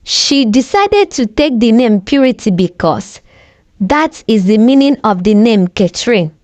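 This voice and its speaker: A woman's voice: fairly high pitch, sing-song, unhurried, a little mellow, no room sound, highs cut off. A woman storyteller narrating a dramatic tale in an emotive way.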